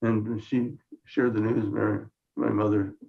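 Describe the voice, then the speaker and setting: A man's voice: fairly low pitch, level tone, a little slow, creaky. An older man from Minnesota giving a science lecture with dry, understated humor, often restarting his phrases. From Minnesota, United States. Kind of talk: conference lecture with slides. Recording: muffled lo-fi lecture recording.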